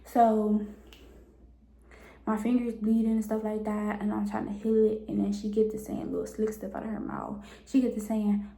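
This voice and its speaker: A young woman in her twenties from Cleveland tells a story with blunt, animated energy. Her voice is warm and mellow, and it carries a noticeable room echo. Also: mid-range voice, normal speed, vocal fry. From Cleveland, Ohio, US. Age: 20s. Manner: blunt, animated retelling with frank language. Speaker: vlogger. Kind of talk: casual storytime. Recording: echoey room.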